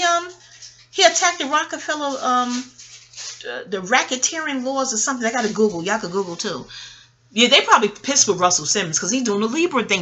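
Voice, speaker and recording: A woman in her forties from Queens, New York, talking in a digressive, profane monologue with loud bursts of laughter. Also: a little high. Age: 40s. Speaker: channel host. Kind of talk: rambling audio monologue.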